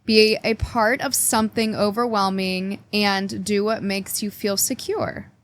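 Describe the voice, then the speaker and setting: A woman's voice: medium pitch, fairly even intonation, unhurried. A woman hosting a casual weekly astrology forecast, chatting playfully and cheekily straight to her viewers while reading oracle cards. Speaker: astrology reader and channel host.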